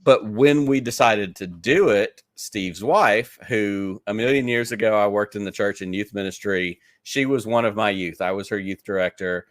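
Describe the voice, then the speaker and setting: Man, Southern US accent, low voice, dry close sound, eager rambling storyteller, podcast guest. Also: moderate pace, few pauses, no room sound. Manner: enthusiastic rambling storyteller, many "like"s. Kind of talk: casual interview chat.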